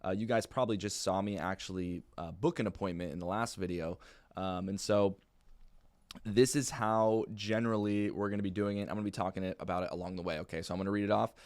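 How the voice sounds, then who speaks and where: Talking fast yet staying relaxed and fairly flat, a man coaches new sales agents on using a phone script. He often pauses to ask "right?" or "okay?" to check they're following.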